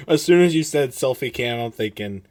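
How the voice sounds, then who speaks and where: A man's voice: mid-range voice, lively intonation, normal speed, darkish tone. A man hosting a casual podcast, asking questions and teasing his guest with easy laughter. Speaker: podcast host.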